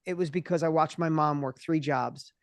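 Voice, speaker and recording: A man in his fifties, a guest entrepreneur in an interview, talking with passion and often restarting his words when excited. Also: on the high side, dry recording, clean studio sound. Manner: passionate, acts out other people's voices in quick bursts. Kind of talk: energetic interview conversation.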